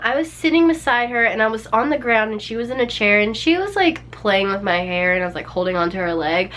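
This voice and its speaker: A woman's voice: mid-range voice, a bit bright, a little hiss or hum. Chatty young woman telling a story. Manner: chatty, many "like"s and little laughs. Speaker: storytime vlogger. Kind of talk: casual storytelling.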